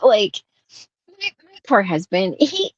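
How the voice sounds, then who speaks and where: A woman co-hosting a casual chat show, telling a story with animation and acting out quotes in a higher voice. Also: big pitch swings, takes it slowly, breathy edge, no echo, dull audio. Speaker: co-host.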